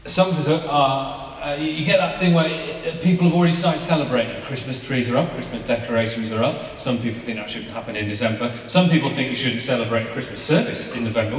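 A man in his thirties delivers a casual, story-filled sermon. His voice rings through a large reverberant hall, picked up from some way off with a faint hiss behind it. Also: medium pitch. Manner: chatty, conversational, with frequent fillers and laughs. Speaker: preacher. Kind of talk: informal sermon with family anecdotes. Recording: echoey hall, mic at a distance.

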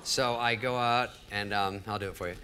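Over a noisy background, a man in his fifties with a fairly low voice and fairly even intonation tells stories at a moderate pace. He's a guest comedian on stage in an event hall, wryly poking fun at himself for a live audience.

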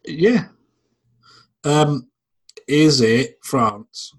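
A man's voice: fairly high pitch, extremely slow. A man co-hosting a casual podcast, teasing his partner and ranting with plenty of swearing. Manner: teasing, ranty, swears freely. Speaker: podcast co-host. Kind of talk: casual chat.

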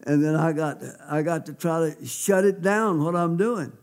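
Male pastor, slightly high voice, emphatic folksy testimony from the pulpit. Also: moderate pace, darkish tone. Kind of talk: sermon testimony.

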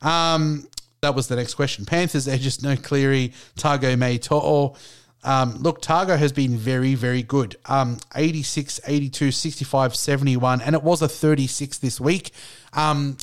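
A man's voice: medium pitch, fairly even intonation, normal speed. A man hosting a casual solo fantasy football talk, rambling with lots of fillers and reading out player scores.

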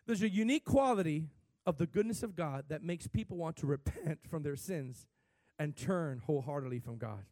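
A male pastor with a high voice preaches a sermon in an animated way. His voice swells suddenly in pitch and loudness. The recording is dry and close. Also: brisk, no room sound.

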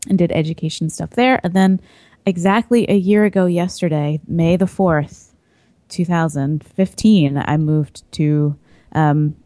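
Low, mellow woman chatting casually. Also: no echo. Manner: chatty, laughs easily, trails into fillers. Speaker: podcast guest, coffee importer. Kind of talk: casual chat.

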